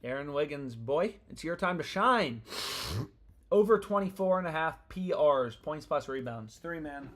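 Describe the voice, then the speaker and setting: A man's voice: fairly high pitch, expressive, slow, pauses often. A young man chatting casually on a live stream about sports bets, slangy and profane, rambling from thought to thought. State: annoyed.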